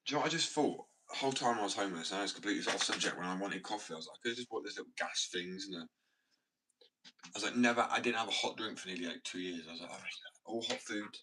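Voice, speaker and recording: A man's voice: on the low side, racing. A man chatting casually in a rambling vlog from his workshop, swearing often and talking in a fidgety way. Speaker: skateboard maker. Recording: distant mic, faint background noise.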